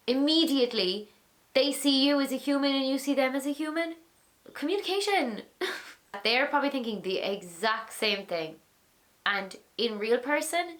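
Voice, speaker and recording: A woman's voice: on the high side, expressive, normal speed, fairly bright tone. A young woman hosting a casual chat about dating, talking chattily, laughing often and reading out listener questions. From Ireland. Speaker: host.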